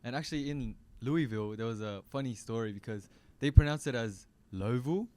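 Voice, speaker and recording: A man's voice: mid-range voice, fairly quick, a little mellow, clear, resonant tone. A man guesting in a radio interview, telling stories in an upbeat way and acting out what people said. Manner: upbeat storyteller, acts out quotes. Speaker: band member guest. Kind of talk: casual interview talk. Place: radio studio.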